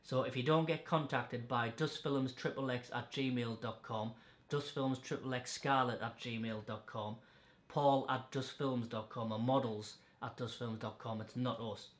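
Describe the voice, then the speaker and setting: A man's voice: mid-range voice, fairly even intonation, measured pace. Blunt, sweary man, echoey room. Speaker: podcast host. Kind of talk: casual chat.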